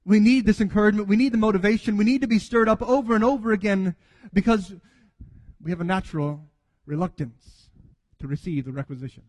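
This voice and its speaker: A man's voice: sits high, a little fast, darkish tone, long reverb tail. A man preaching a sermon earnestly, acting out quoted dialogue as he goes. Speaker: pastor.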